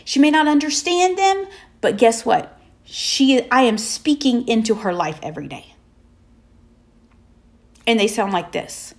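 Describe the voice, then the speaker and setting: A woman's voice: a little high, lively intonation. Emphatic woman giving faith-based encouragement. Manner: emphatic, repetitive affirmations with drawn-out pauses. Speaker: motivational speaker. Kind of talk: faith-based motivational talk.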